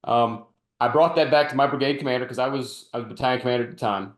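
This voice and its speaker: A man hosting a casual podcast conversation, a retired army officer telling animated anecdotes and acting out quotes as he goes. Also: medium pitch, fast talker. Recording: roomy echo.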